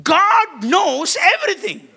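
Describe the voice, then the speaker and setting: A man's voice: very high-pitched, sing-song, takes it slowly, creaky, bright, forceful tone. A man preaching a sermon to a congregation in a church, leading call-and-response and laughing often.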